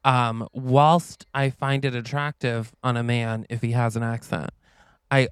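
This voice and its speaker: A man co-hosting a podcast in casual chat, wry and self-deprecating with quick asides. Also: mid-range voice, flat delivery, clear, resonant tone, no room sound. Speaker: podcast co-host.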